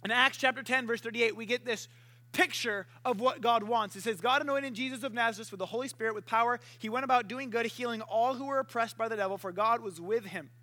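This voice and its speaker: A young man preaching a sermon, animated and playful, acting out voices and barking to make his point. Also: extremely high pitch, quick pace.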